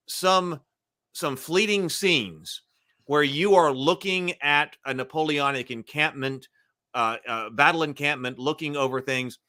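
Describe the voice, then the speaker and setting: A man's voice: fairly high pitch, pushed and bright. A man hosting a casual film discussion, talking in a rambling way with frequent restarts. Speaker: podcast host.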